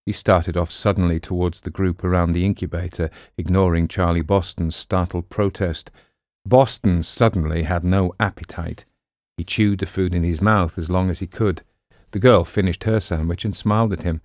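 A man narrating an audiobook in a steady, even storytelling manner. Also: deep voice, normal speed, no echo, clean studio sound.

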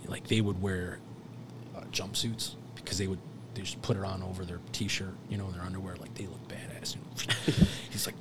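A man's voice: lowish voice, a little fast, over a noisy crowd. A man in his thirties, a firefighter guest telling a story in a loose, profane, rambling way and laughing often. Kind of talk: casual storytelling.

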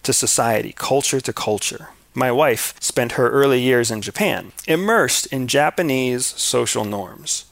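An American man giving a scripted talk on culture, measured, often putting rhetorical questions to the listener. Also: mid-range voice, vocal fry, dry recording. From United States.

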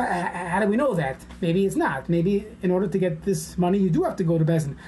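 Woman, class teacher, mellow tone, casual explanatory lecture style. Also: medium pitch, lively intonation, fast talker, hardly any pauses, slight background noise. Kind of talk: informal lecture.

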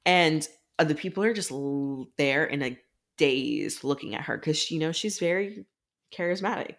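A woman's voice: sits low, animated, normal speed. A young woman co-hosting a podcast, recapping a novel in casual chat over a video call and acting out the characters' lines. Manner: chatty, swears casually, acts out characters' lines. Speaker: podcast co-host.

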